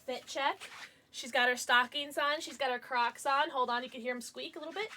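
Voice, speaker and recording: A woman live streamer chatting casually with her viewers, chatty and quick to swear. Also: high-pitched, a little hiss or hum. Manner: chatty, lively, swears freely.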